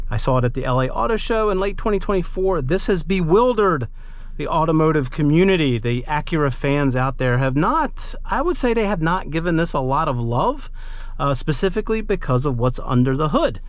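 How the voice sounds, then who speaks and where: In this relaxed car review, the male host chats as he circles and sits in the vehicle, animatedly acting out buyer conversations. His voice is a little high and his pace moderate.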